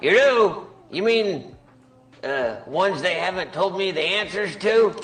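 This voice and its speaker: A man's voice: high-pitched, animated, slow pace, a bit bright, soft background music, heavily acted. A man playing a confused, sleepy elderly president in a comedy sketch. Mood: bewildered. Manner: bumbling, dozy, bewildered. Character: doddering confused old male president.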